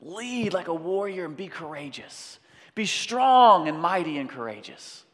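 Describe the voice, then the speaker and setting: A man's voice: sits high, very animated, unhurried, fairly bright tone, pitched above the performer's own voice, heavily acted. A man voicing a loving heavenly Father who pleads fervently with his son, heard with a long hall reverb. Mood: pleading.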